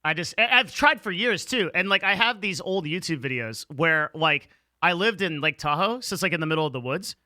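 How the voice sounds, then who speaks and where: 날카롭고 밝은 목소리의 열정적인 남성 진행자. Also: male voice, fairly high pitch, a little fast, no room sound. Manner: energetic, emphatic, slangy, with swearing. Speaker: interviewer. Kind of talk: casual interview chat.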